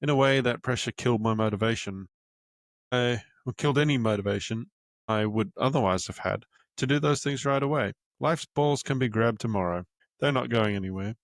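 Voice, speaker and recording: A man's voice: mid-range voice, a little fast, no echo, studio quality. A young man hosting a podcast, reading aloud from his own book with casual, candid asides and the odd swear word. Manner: candid and casual, swears freely, stops to find his place. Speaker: podcast host and author.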